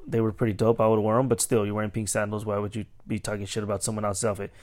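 A man's voice: fairly low pitch, very fast. A man hosting a podcast, telling a story in a casual, rambling way with plenty of swearing. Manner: animated, profane, rambling. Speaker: podcast host.

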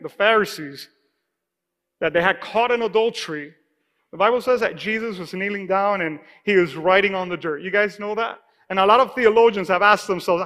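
High, bright-voiced preaching man. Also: moderate pace, in a large hall. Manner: emphatic preaching, calls for congregation response. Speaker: pastor. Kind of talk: sermon. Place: church sanctuary.

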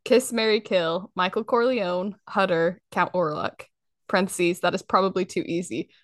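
A woman hosting a casual podcast chat, playful and animated, often laughing. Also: lowish voice, moderate pace, no room sound, studio quality. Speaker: podcast host.

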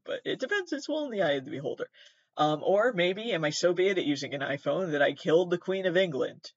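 A young man from Massachusetts rambles through a casual podcast, cursing and poking fun at himself. His somewhat high voice swoops all over, recorded close and dry with a slightly dull, lo-fi tone. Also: no room sound. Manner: rambling, swearing, self-mocking with frequent laughs. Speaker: podcast host. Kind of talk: casual solo commentary.

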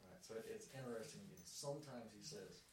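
A man's voice: fairly low pitch, a little fast. A man in a casual Bible discussion, thinking aloud in a tentative way. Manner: thoughtful, tentative, trails off quietly. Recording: distant, echoey room with clear background noise.

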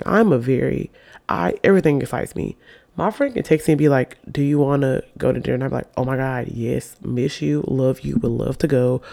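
Young man with vocal fry, talking candidly. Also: medium pitch, darkish tone. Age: 20s. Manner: open, confessional, swears casually. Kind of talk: candid personal monologue.

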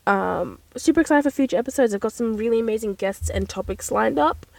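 A young woman, hosting a casual solo podcast from inside a parked car, rambling and chatty with animated exclamations. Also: fairly high pitch, a little fast, creaky, no room sound. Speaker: podcast host.

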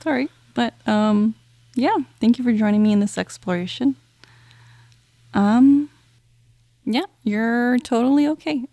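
Mellow-voiced woman podcast co-host. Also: mid-range voice, no room sound, clean studio sound. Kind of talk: casual podcast discussion.

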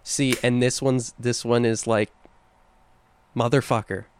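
Smooth-voiced playful young man. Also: medium pitch, flat delivery, a little mellow, no echo. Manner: playful, savoring words, quick to laugh. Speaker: podcast co-host. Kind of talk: casual chat.

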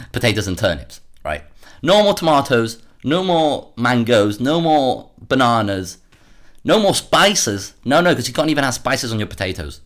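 A man hosting a solo commentary podcast, worked up and sarcastic, often repeating words as he rants. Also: lowish voice. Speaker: podcast host.

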